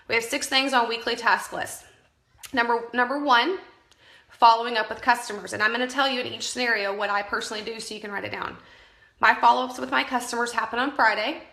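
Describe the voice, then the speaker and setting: A woman's voice: on the high side, sharp tone, echoey room. A woman coaching her sales team in a live stream, chatty and emphatic, often correcting herself mid-sentence. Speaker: direct sales team leader. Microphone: phone camera.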